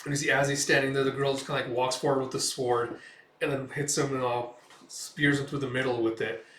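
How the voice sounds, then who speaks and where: A man's voice: mid-range voice, little pitch movement, fairly quick, a bit bright, far from the mic. A man hosting a casual comic read-through, retelling scenes loosely with many fillers, recorded in an echoey room away from the mic. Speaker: comic reviewer.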